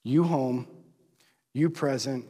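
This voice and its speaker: Taking it slowly, a man with a warm, husky voice preaches a sermon to men as their pastor. He speaks conversationally, asks the crowd rhetorical questions, and acts out quoted voices with big pitch swings, in a recording with long hall reverb.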